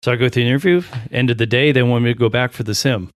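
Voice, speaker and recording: A man, a pilot and podcast guest, telling a long story in a casual, animated way, acting out the voices of others and often restarting his sentences. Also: mid-range voice, rapid-fire, dry recording, studio quality. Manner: animated, acts out quoted voices, frequent restarts.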